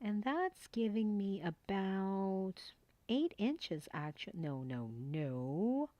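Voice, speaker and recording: A middle-aged woman hosting a papercraft tutorial, chatting casually and excitedly while she works and talking herself through each step at her desk at home. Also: medium pitch, slow pace, dry recording, lo-fi sound. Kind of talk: casual crafting tutorial chat.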